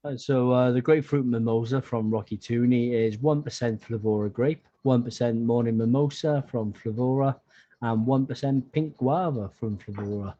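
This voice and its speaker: A man in a casual live-stream chat, halting at first, then reading recipes out steadily. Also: medium pitch, warm tone. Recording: dull lo-fi call audio.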